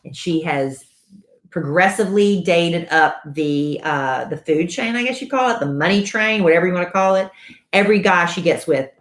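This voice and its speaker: Low-voiced chatty woman, roomy sound. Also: lively intonation, moderate pace. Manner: chatty, opinionated, interjects often. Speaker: radio show co-host. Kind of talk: casual banter on a live stream. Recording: roomy echo.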